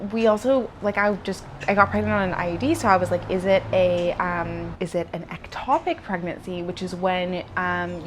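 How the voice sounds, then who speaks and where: A woman's voice: on the low side, slight background noise. A young woman vlogger telling a personal story in a casual, chatty way, with lots of fillers and restarts.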